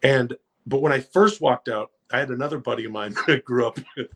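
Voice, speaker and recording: A man casually telling rambling, profane, animated anecdotes as a podcast guest. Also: mid-range voice, brisk. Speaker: guest storyteller.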